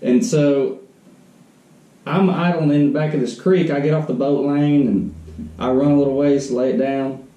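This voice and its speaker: A man tells a fishing story in a laid-back way, chuckling and agreeing along. His voice sits in a middle pitch and is dark and mellow. He is recorded off-mic in an echoey room. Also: fairly even intonation, normal speed, far from the mic, dull audio. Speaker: podcast co-host. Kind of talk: casual chat.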